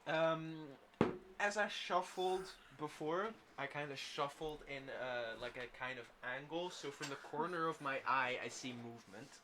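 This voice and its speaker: A man's voice: fairly high pitch, a little slow, background noise. A young man playing a tabletop role-playing game, talking hesitantly with many fillers and restarts. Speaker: player. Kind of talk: casual tabletop role-play.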